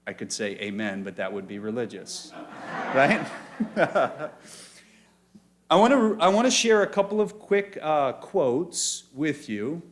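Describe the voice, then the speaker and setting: A man's voice: fairly high pitch, very animated, slight background noise. Man addressing a church gathering. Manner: friendly, jokey, reads quotes slowly with emphasis. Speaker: pastor introducing speakers. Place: church meeting room.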